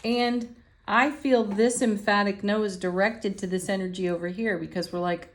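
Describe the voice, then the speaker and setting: A woman giving a spiritual tarot card reading in a gentle, affirming way, laughing softly now and then. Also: mid-range voice, steady tone, unhurried, long pauses.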